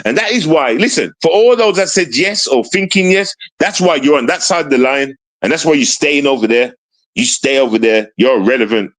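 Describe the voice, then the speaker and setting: A man's voice: medium pitch, expressive, a little fast, fairly bright tone, low-quality recording. A man hosting a live stream show, taunting and mocking someone with a stream of rhetorical questions and repeated call-outs to his audience. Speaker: show host.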